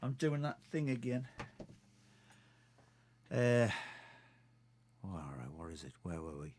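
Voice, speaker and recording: A man's voice: mid-range voice, big pitch swings, takes it slowly, darkish tone, a little hiss or hum. A man with a Geordie accent, hosting a live stream and chatting in a rambling, self-mocking way to his viewers. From North East England. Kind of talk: casual chat to viewers.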